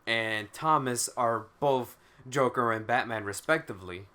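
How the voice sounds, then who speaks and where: A man with a bright, sharp-edged voice on a casual podcast. He talks in halting bursts full of fillers and drops swear words casually. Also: mid-range voice. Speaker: podcast co-host. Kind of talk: casual fan podcast chat.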